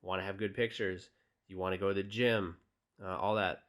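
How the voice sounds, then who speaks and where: In a low-pitched voice at normal speed, a young man walks through dating tips like a casual tutorial. He's relaxed and direct, filling his speech with fillers while reading texts aloud.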